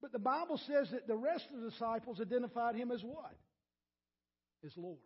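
A male pastor preaches to his congregation with a strikingly high, raspy voice, repeating himself as he builds a point. He calls on listeners by name and moves between near-whispered asides and loud, emphatic lines. The recording is muffled and lo-fi. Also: fairly quick. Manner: swings from quiet to loud and emphatic. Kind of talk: sermon.

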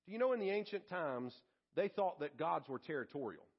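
Male pastor, high and husky, dramatic delivery, dull lo-fi sermon recording. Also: animated, a little fast. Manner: dramatic preaching, swings from hushed to emphatic.

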